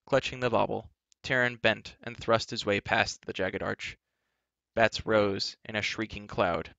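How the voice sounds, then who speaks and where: A man reading a children's novel aloud as a storyteller, with an animated, varied delivery, on a dull lo-fi recording. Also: lowish voice, a little slow, vocal fry, dry recording.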